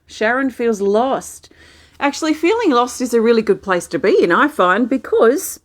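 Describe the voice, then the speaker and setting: An Australian woman with a mid-range voice hosts a live healing stream. She reads viewers' comments aloud and answers them gently, in a soothing, reassuring way.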